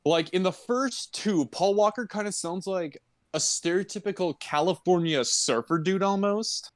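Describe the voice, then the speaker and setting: A man chats easily on a podcast about a movie, agreeable and relaxed. His voice sits a little high. The recording is dry and close. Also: moderate pace, dry recording. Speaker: podcast co-host. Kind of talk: casual movie review chat.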